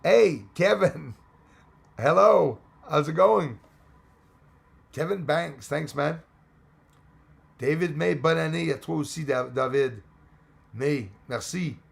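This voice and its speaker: Host, male, hoarse and fading voice, rough gravelly grain, rambling casual chat. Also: on the high side, slow, pauses often. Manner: rambling, mixes in French and Spanish greetings. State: losing his voice. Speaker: livestream host reading chat.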